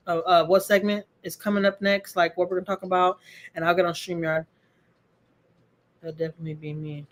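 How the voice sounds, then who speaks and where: A middle-aged woman, hosting a casual livestream from home, chatting with viewers in a heartfelt way and repeating phrases for emphasis. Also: medium pitch. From Texas. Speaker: livestream host. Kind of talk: casual livestream chat answering viewer comments.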